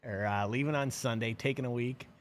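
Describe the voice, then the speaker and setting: A middle-aged man hosts a live fishing subscription show from his office, chatting loosely in a live-stream style with many fillers and restarts. His voice is mid-range and his pace brisk.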